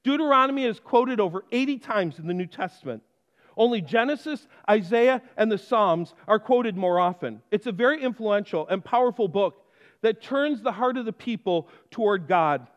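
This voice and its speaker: A man's voice: high voice, expressive, moderate pace. A middle-aged man preaching a sermon as pastor, telling stories and acting out quoted voices, recorded by a stage microphone in a church sanctuary. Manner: storytelling, acts out quoted voices. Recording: reverberant church, dull lo-fi sound.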